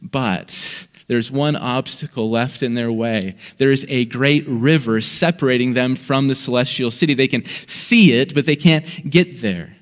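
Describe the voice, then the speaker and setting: A man pastor preaching a sermon, telling a story dramatically, dropping to a hush and then raising his voice. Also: medium pitch, unhurried, hardly any pauses, big-room sound. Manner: dramatic storytelling that swings between hushed and raised lines.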